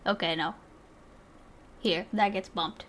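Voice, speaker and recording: A woman's voice: medium pitch, fairly even intonation, slow pace, fairly bright tone. A woman streaming live, chatting casually and thinking aloud with frequent giggles and restarts.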